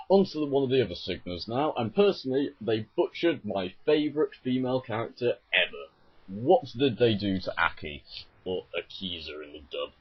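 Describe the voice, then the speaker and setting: A man's voice: lowish voice, husky, muffled recording. A man delivering a casual, sarcastic and exasperated vlog rant. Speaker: video ranter.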